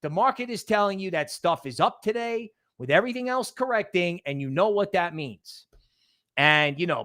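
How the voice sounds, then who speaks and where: A man's voice: high-pitched, a bit bright, no room sound, clean studio sound. A man hosting a casual livestream, rambling and greeting chat members by name. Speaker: livestream host.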